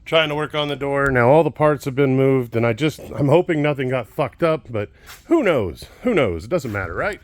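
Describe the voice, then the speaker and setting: A man's voice: medium pitch, expressive, normal speed. A man venting on his vlog, frustrated and swearing as he rants about his day. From Kansas, United States. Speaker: vlogger.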